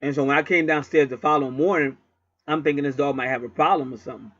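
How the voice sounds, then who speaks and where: Guy ranting at home, kinda high voice, swears a lot, dull muffled dry sound. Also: steady tone, fast, a bit bright, no room sound. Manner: profane, rambling, repetitive. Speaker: channel host. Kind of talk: casual storytelling monologue.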